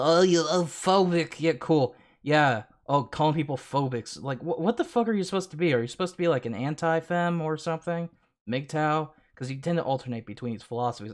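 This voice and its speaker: A man streaming casual reaction commentary, sarcastic, often laughing and stammering on repeated words. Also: mid-range voice.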